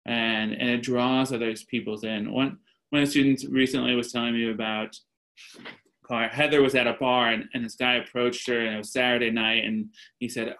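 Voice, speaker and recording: A man's voice: mid-range voice, little pitch movement, moderate pace, a bit bright, poor audio. A man speaking as a panelist, earnest, telling stories and quoting voices, heard over a video call. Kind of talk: panel discussion.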